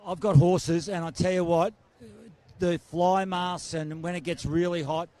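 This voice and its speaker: A jovial man with a fairly high voice roams a trade night as host. He jokes and chats easily with each exhibitor, and his voice is wearing thin from a long evening. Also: fairly even intonation, a little slow, mellow. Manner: jovial, chatty, joking. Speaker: roving event host. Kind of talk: casual roving interview. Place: trade show floor.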